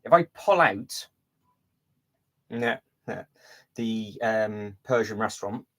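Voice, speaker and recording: A man's voice: lowish voice, expressive, slow pace, fairly bright tone, poor audio. A man hosting a casual livestream, thinking aloud while rearranging a build, rambling with restarts and fillers. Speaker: livestream host. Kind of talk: casual live-stream chat while building.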